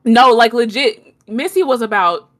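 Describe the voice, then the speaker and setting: A young woman, telling a long story in casual chat and acting out her own shouts. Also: a little high, moderate pace.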